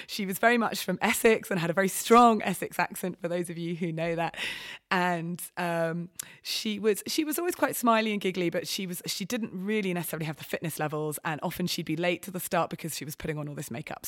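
A woman's voice: on the low side, dry recording, studio quality. A woman expedition medic candidly tells a personal story as a podcast guest, hesitant and full of restarts. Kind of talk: candid anecdote in conversation.

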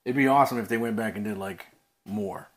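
A man co-hosting a casual movie podcast, talking in rapid slang, calling his friend "dog" and swearing often. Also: fairly low pitch, a crowd in the background. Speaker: podcast co-host.

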